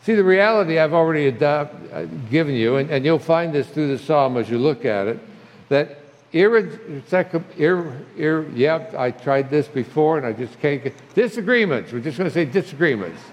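A man's voice: fairly high pitch, expressive, normal speed, highs cut off. An older man preaching a conversational sermon as a pastor, reading scripture with feeling. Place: church sanctuary. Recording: long hall reverb.

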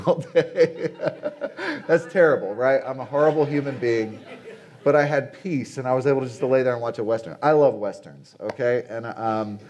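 A medium-pitched, slightly mellow voice belongs to a conference speaker in his late forties. He delivers a conversational sermon at the venue, chatting and posing rhetorical questions to the crowd.

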